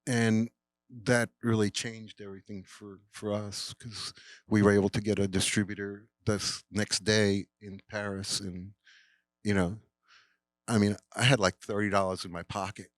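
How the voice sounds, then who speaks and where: An older male film director tells a rambling anecdote at a live cinema Q&A, full of fillers and quoted voices. His voice sits lowish with a level tone and an unhurried pace, and the recording has no room sound.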